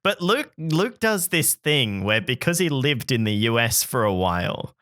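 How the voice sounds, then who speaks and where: A man with a soft Australian accent co-hosting a theme park podcast, playful and teasing in casual chat. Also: medium pitch, sing-song, measured pace. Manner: playful, teasing, laughs easily. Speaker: podcast co-host.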